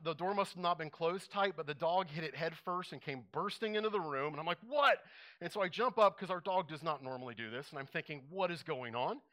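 A male pastor delivering a sermon, telling an animated story and acting out his own reactions. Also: on the high side.

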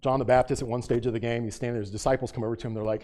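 A man's voice: medium pitch, racing, few pauses, warm tone. A man preaching a sermon as pastor, asking his congregation rhetorical questions and rising to fervent emphasis.

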